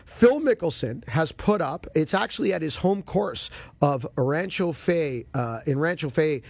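A man hosting a golf radio show, telling a story in casual chat with lively, expressive delivery. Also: on the high side, measured pace, vocal fry, dry recording.

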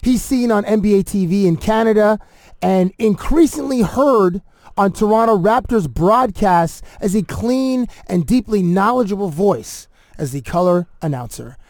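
A man hosting a podcast chats casually with his guests, laid-back and rambling, laughing quickly and easily. His voice is high, expressive, and a little mellow, recorded with clean studio sound and no echo.

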